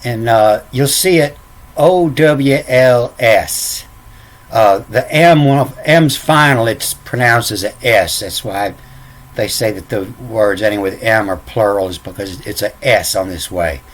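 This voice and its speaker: A man explaining ancient letters off the cuff, halting and repeating words, spelling out letters one at a time. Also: fairly low pitch. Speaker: self-taught lecturer.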